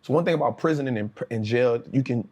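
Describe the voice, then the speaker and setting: A man's voice: medium pitch, fast, breathy edge. A man, a guest telling his life story in casual street slang. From New Orleans, USA. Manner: casual street slang, lively retelling with acted quotes. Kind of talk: interview storytelling.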